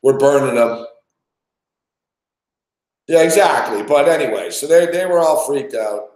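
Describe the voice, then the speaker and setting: A man's voice: mid-range voice, measured pace, darkish tone. A man hosting a podcast, telling a rambling story in casual chat with lots of swearing. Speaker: podcast host. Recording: roomy echo.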